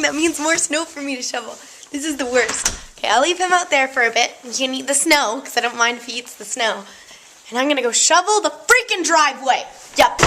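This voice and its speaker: Bright, girlish young woman vlogging. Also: high voice, slight background noise. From Canada. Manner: chatty, easily distracted, giggly. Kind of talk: casual chat.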